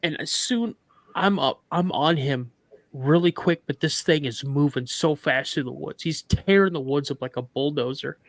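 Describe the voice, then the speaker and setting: Guy retelling a scary encounter, kinda high voice, dry close sound, gets all worked up. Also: normal speed, no room sound. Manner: animated retelling with quoted dialogue, emotional. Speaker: guest. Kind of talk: emotional storytelling on a live show.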